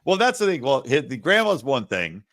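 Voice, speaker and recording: A man's voice: mid-range voice, wildly swooping pitch, normal speed, a bit bright, dry recording. A man co-hosting a TV review podcast, chatting casually with crude, joking humor. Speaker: podcast co-host. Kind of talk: casual chat.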